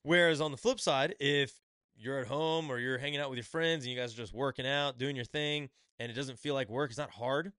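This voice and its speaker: A man's voice: medium pitch, pushed and bright, no room sound, clean studio sound. A man hosting his own podcast, reviewing a book in casual chat and acting out little quotes as he rambles. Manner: rambling, acts out quotes in quick asides. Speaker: podcast host.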